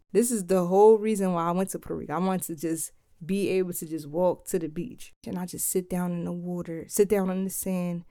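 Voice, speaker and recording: Laid-back slangy woman, low voice. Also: mellow, dry recording, clean studio sound. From Philadelphia. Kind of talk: casual storytelling vlog.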